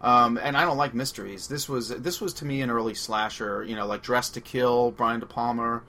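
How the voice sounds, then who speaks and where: A man with a Long Island accent, co-hosting a casual movie podcast, excitable and rambling, laughing often. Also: medium pitch, a little fast. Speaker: podcast co-host.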